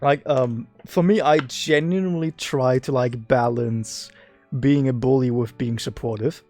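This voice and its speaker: A man's voice: mid-range voice, steady tone, a little slow, darkish tone, faint music behind. A man hosting a casual live stream chat with a guest, rambling and teasing with lots of filler words.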